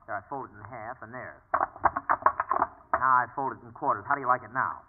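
A man hosting a 1940s radio comedy sketch, trading quick wisecracks. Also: medium pitch. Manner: wisecracking, quick joking delivery. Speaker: comedy show host. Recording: tinny old radio broadcast with loud hiss.

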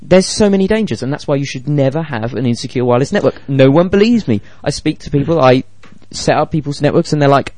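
A man co-hosting a casual tech podcast, explaining things in an animated way and acting out quoted dialogue. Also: on the high side, fast, hardly any pauses, dry recording. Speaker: podcast co-host.

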